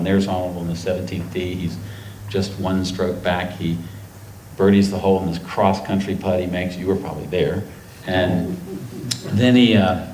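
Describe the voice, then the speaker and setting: A man's voice: deep voice, darkish tone. A middle-aged man from North Carolina, an author telling anecdotes to a festival audience, rambling and emotional, acting out quotes. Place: festival stage before a live audience. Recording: echoey hall with faint noise.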